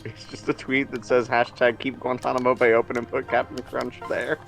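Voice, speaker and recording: A man co-hosting a charity game stream, cracking deadpan jokes over a voice call and giggling at them. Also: mid-range voice, brisk, gravelly, faint music behind. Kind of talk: casual group chat over a voice call.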